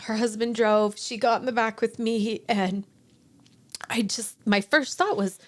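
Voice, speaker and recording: A woman in her forties, a podcast guest, telling an emotional personal story in a halting way, with restarts and acted-out quotes. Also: a little high, steady tone.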